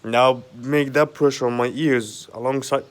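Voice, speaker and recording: A man in a rambling monologue at home, agitated and profane, halting often with fillers. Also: mid-range voice, steady tone, smooth. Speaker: vlogger. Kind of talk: rambling direct-to-camera monologue. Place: at home, indoors.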